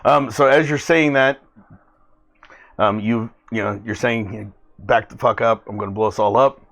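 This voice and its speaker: A man narrating as game master of a tabletop role-playing game, in a halting, filler-heavy way. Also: on the low side, vocal fry, a bit bright.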